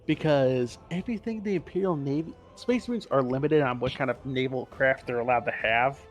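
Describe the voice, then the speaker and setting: A man in a mid-pitched voice talks through game lore on a laid-back podcast. He rambles, swears freely and stops to correct himself. Faint music plays underneath. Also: a little fast. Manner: rambling, profane, self-correcting. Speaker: co-host explaining game lore. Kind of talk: casual podcast chat.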